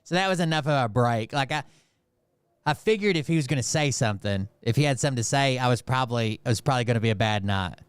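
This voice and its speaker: A man's voice: medium pitch, animated, fast talker, clean tone, no echo. Profane man telling a heated story. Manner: profane, rambling, heated retelling full of fillers. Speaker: channel host. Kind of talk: casual storytelling.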